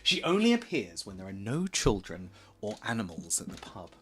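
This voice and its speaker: A man's voice: on the low side, wildly swooping pitch, moderate pace, fairly bright tone, husky. A man giving a casual, rambling slideshow presentation for a charity stream, full of jokey asides and self-corrections.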